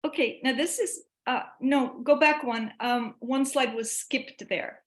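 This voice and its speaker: Woman presenter, high voice, echoey room, chatty and lively. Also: unhurried. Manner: chatty, animated, restarts often. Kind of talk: online lecture to teachers.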